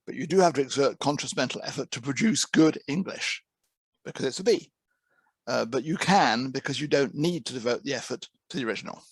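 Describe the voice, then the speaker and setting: A man's voice: medium pitch, fairly quick, slightly rough, no room sound. A man heading an interpreting course, giving a conversational presentation to trainee interpreters and often repeating words as he restarts a thought. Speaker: interpreting course head and teacher.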